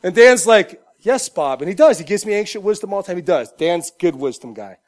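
High-voiced animated male pastor preaching. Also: quick pace. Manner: animated preaching, swings from shouting to quiet asides. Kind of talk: sermon.

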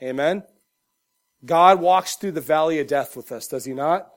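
High-voiced man preaching a sermon. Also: normal speed. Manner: emphatic, conversational preaching with frequent 'Amen?' asides; acts out loud shouted voices for humor. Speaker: pastor. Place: church.

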